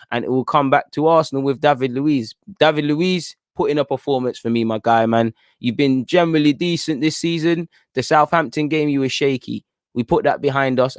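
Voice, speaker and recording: Hosting a football watchalong stream, a young man with a medium-pitched voice gives live, chatty fan commentary, pleading with the players and referee as the match unfolds. The recording is studio quality with no echo.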